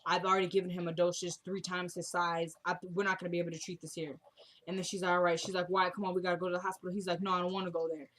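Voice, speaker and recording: A woman's voice: on the low side, flat delivery, very fast, a bit bright. A young woman casually recapping a TV drama episode, retelling scenes and quoting the characters in a chatty way.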